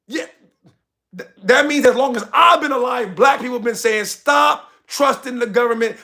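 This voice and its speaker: A man's voice: very high voice, gravelly, pushed and bright. A young man hosting a livestream, talking passionately and ranting straight to his chat. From United States. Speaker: livestream host. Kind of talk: heated livestream commentary.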